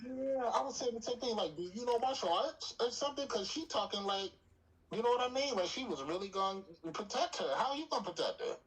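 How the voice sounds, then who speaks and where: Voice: mid-range voice, expressive, brisk, breathy edge, poor audio. A co-host in a casual soap opera recap chat, teasing and laughing often.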